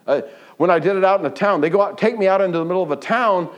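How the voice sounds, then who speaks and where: A man preaching a sermon who tells stories with growing excitement, often restarting his sentences. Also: racing, lo-fi sound. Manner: animated storytelling, pitch climbing high when excited; restarts and stumbles, laughs between phrases. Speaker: pastor.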